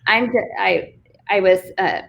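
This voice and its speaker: Speaking at a measured pace with a medium pitch and vocal fry, a Fort Worth, Texas woman who is an author and business coach shares a candid, self-deprecating story. The casual interview comes from a live online video stream, and the recording sounds muffled.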